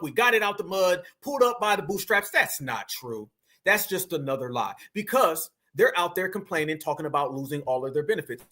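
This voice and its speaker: Animated high-voiced man preaching commentary. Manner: animated, preachy, addresses viewers as family. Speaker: commentary host. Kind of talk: online commentary.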